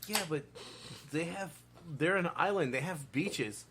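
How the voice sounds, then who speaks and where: A man's voice: fairly high pitch, unhurried, background noise. A man hosting a casual podcast, telling stories in a loose, profane way and quoting other people. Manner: loose, profane storyteller who quotes others. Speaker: podcast host.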